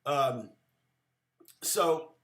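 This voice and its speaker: A man's voice: mid-range voice, lively intonation, very slow, a bit bright, roomy sound. Chatty man teaching guitar, counting aloud. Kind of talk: live-streamed guitar lesson. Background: guitar playing.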